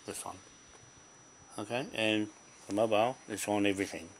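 A man's voice: fairly low pitch, steady tone, normal speed, very noisy. Blunt, profane New man. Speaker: vlogger. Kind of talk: casual to-camera talk.

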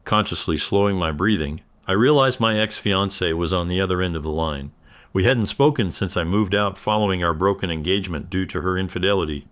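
A man reading a scripted first-person story in an even, measured way. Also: low-pitched. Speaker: narrator.

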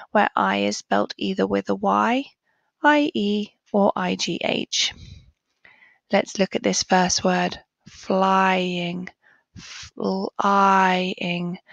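A woman teaching a children's phonics lesson, sounding out each word letter by letter and repeating it clearly. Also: mid-range voice, dry recording, muffled recording.

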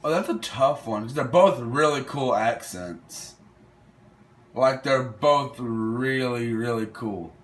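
A man's voice: mid-range voice, takes it slowly. A young man casually commenting while playing a would-you-rather game, thinking aloud and hesitating over his picks. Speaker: gaming video host.

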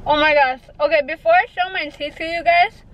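Brief: high-pitched young woman, chatty and nervous vlogger, slight lisp, faint hum behind her. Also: fairly even intonation, fairly quick, fairly bright tone, lo-fi sound. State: pregnant. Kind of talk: casual vlog chat.

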